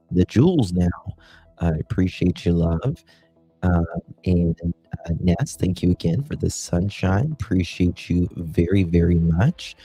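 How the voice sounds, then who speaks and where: Male livestream host, deep mellow voice, chatty and halting with fillers. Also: gravelly, slightly rough, no echo. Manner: thanks viewers one by one, affectionate pet names. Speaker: host of a true crime livestream. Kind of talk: casual livestream chat.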